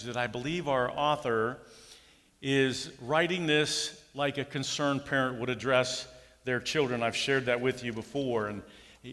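A man's voice: medium pitch, a bit bright. Man preaching in a reverberant hall. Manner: folksy, tells personal stories, acts out quotes. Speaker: pastor. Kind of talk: sermon.

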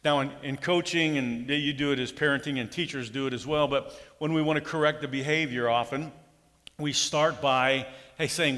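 A man's voice: medium pitch, steady tone, normal speed, fairly bright tone, big-room sound. A middle-aged man preaching a sermon in a folksy way, telling personal stories and acting out quotes. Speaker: pastor.

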